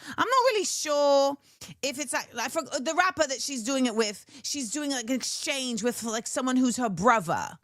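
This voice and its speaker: A woman's voice: high-pitched, no room sound, clean studio sound. A woman hosting a show, chatting animatedly about music, reacting to viewer comments and breaking into snatches of song. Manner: animated, sings snippets and reacts to chat. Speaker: talk show host. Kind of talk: casual livestream commentary.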